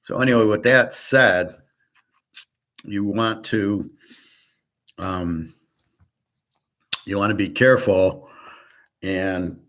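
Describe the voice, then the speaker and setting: A man's voice: on the low side, steady tone, slow, long pauses, fairly bright tone. A man hosting a casual solo monologue on markets and poker, blunt and profane, rambling with frequent restarts and sarcastic asides. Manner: opinionated, sarcastic. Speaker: host giving market and poker tips.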